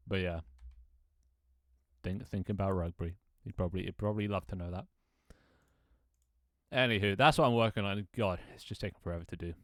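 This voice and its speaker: A man's voice: low-pitched, brisk, long pauses, dry recording, studio quality. A man in his twenties chatting casually on a live stream, rambling, laughing often and joking about himself with casual swearing. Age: 20s. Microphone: desk microphone.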